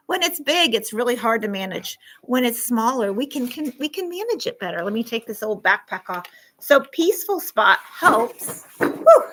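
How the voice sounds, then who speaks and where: A woman's voice: high-pitched, bright, forceful tone. A woman school counselor teaching a lesson to a class of children, coaxing them along with frequent check-ins.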